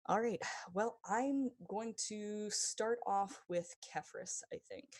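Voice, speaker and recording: A woman narrating a recap and describing scenes as dungeon master, often pausing with ums. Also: mid-range voice, darkish tone. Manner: hesitant, many ums. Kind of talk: narrating a tabletop game.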